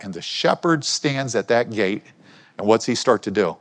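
A man's voice: medium pitch, lively intonation, moderate pace. A man preaching a conversational sermon, asking his listeners questions as he talks. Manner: conversational, asks the congregation questions. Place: church hall. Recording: long hall reverb.

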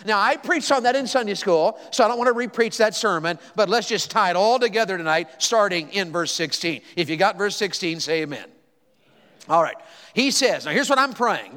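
Preacher guy in his 50s, highish smooth voice, repeats himself, asks the church to chime in, echoey sanctuary. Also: lively intonation, a little fast, sharp tone. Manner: emphatic preaching, calls for congregation responses, stammers and repeats words. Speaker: pastor. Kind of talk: sermon.

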